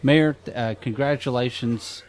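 A man's voice: medium pitch, unhurried, darkish tone. A man co-hosting a casual comedy chat, teasing the others with dry remarks. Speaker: podcast co-host.

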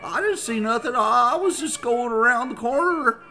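A man's voice: extremely high pitch, lively intonation, normal speed, pushed and bright, faint music behind, voice pushed up, heavily acted. A man mimicking a flustered, sleepy female security guard who stammers and gives nervous laughs.

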